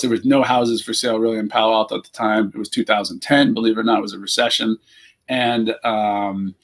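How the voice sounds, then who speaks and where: A middle-aged man, a team founder and CEO, telling stories in a casual interview and acting out the quoted exchanges. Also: on the low side.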